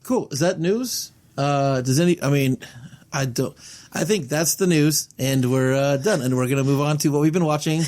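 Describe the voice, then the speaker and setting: A man hosting a horror movie podcast, chatting casually and rambling with animated asides and casual swearing. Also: a little high, normal speed. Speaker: podcast host. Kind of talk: casual chat.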